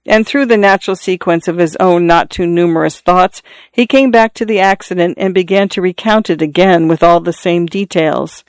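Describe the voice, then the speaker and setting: A narrator reading a literary short story in a measured, even storytelling manner. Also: mid-range voice, clear, resonant tone, no echo. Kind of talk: scripted audiobook narration.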